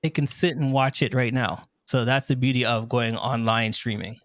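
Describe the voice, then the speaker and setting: A man guest who works as a wedding MC and DJ, chatting animatedly in an interview, a bit hoarse from earlier yelling, acting out his own stories and laughing often. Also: medium pitch, fairly even intonation, moderate pace, dry recording. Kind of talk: enthusiastic interview chat.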